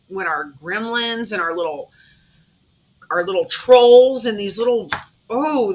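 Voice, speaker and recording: A woman runs a tarot reading for her viewers in a chatty, dramatic manner. Her voice is bright and a little sharp, and it sits at an everyday pitch. She laughs easily as she talks. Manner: animated, dramatic, laughs often. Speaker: tarot reader.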